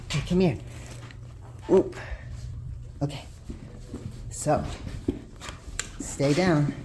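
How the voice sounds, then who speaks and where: A woman with a low voice speaks extremely slowly against a noisy background as she films her puppies inside her home and out in the yard. In a casual vlog narrated into a handheld video camera, she chats to the lens, coaxes and scolds the puppies to get them outside, laughs and sighs often, and sometimes sounds winded.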